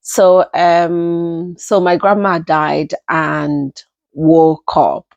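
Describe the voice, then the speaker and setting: A young woman with a Nigerian accent telling a personal story in an unhurried, casual way, often repeating herself as she goes. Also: on the low side, level tone, gravelly, darkish tone, no echo, highs cut off. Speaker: storytelling vlogger.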